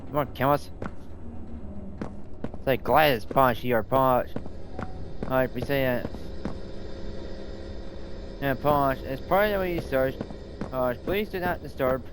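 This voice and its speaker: A man's voice: mid-range voice, takes it slowly, pauses often, music in the background. A man streaming a game live, thinking aloud and muttering reactions as he plays. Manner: stumbles reading in-game notes aloud. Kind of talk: live let's play commentary.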